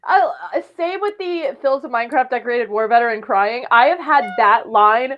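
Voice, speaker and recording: A woman's voice: fairly high pitch, lively intonation, moderate pace, highs cut off, a little hiss or hum. A woman chatting with friends on a stream about her own writing, swearing freely and rambling through jokes. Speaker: fan fiction writer on stream. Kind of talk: casual chat on stream.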